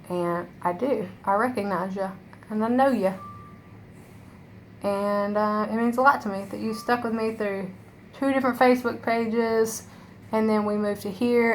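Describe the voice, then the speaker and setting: A woman's voice: mid-range voice, a bit bright, slight background noise. A young woman talking to camera as a makeup vlogger, rambling and emotional, filling her talk with "like" and swearing. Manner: rambling, emotional, heavy use of "like" and profanity. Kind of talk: casual rambling monologue to camera.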